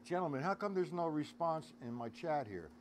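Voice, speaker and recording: A man's voice: on the high side, expressive, normal speed, a little hiss or hum. A man teaching a live drum lesson, counting beats aloud and chatting with viewers in the stream chat. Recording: loud drum kit playing behind voice.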